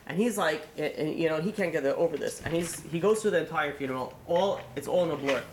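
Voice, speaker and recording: A man, a rabbi, telling a long story in a sermon, animated and full of fillers, acting out the people in it. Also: fairly high pitch, quick pace, echoey room, slight background noise. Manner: animated, acts out quotes, many fillers.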